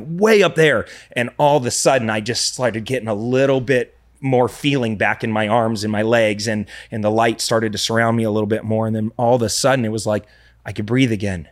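Podcast guest, male, low-pitched, dry close sound, earnest and confessional, restarts often. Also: no room sound. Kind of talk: candid personal storytelling.

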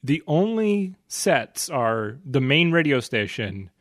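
A man's voice: medium pitch, very animated, slow pace, a bit bright, no room sound, clean studio sound. A man co-hosting a podcast in casual chat, wry and rambling, often breaking off mid-sentence. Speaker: podcast co-host.

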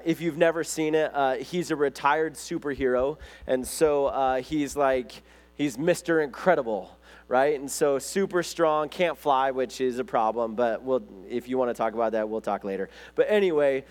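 A male pastor with a somewhat high voice delivers a sermon like a relaxed chat. He tells stories loosely, with frequent fillers and self-corrections. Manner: conversational storytelling, lively retelling.

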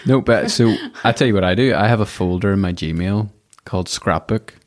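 A man's voice: on the low side, moderate pace. A man hosting a podcast interview, speaking in an encouraging, reflective way and laughing easily. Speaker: podcast host. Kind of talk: casual interview chat.

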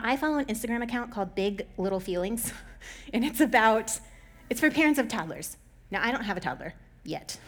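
A young adult woman talking casually as a host, chatty and full of "like" fillers, often laughing between points. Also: mid-range voice. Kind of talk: casual chat.

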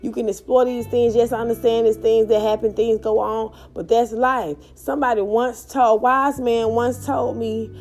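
A woman's voice: a little high, steady tone, moderate pace, few pauses, darkish tone, faint music behind. A woman podcast host giving a motivational monologue, emphatic and blunt, swearing freely and repeating her points.

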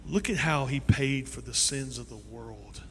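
A male pastor preaching a sermon in a church sanctuary. His delivery is animated and swings between loud and soft. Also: medium pitch, measured pace, a little hiss or hum. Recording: long reverb in a large hall.

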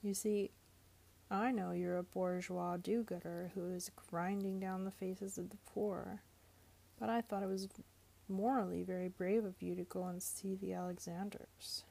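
A woman's voice: mid-range voice, little pitch movement, a little slow, gravelly, mellow. A woman voicing a brash, accusing young man. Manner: brash and accusing, then earnest. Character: blunt, excitable young working-class man.

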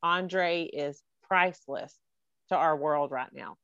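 A woman's voice: sits low, slow pace, a bit bright, smooth, no echo, highs cut off. A woman hosting a podcast over a video call, speaking earnestly and emotionally with heartfelt praise. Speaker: podcast host.

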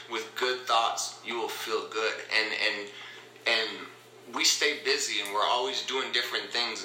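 A man's voice: mid-range voice, sharp tone, echoey room, slight background noise, poor audio. A man hosting a motivational podcast, talking in an upbeat, rambling way and repeating his phrases. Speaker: podcast host. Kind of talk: casual motivational talk.

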